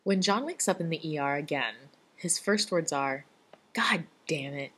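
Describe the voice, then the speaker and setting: A woman reading a fan-written story aloud in a dry, even storytelling manner. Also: deep voice, moderate pace, breathy edge. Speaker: fan fiction reader.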